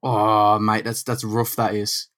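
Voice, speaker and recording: A man's voice: on the low side, completely flat delivery, takes it slowly, fairly bright tone. A man co-hosting a podcast, reacting to the story and riffing on scenes with jokes. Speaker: podcast co-host. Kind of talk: casual chat about a comic book.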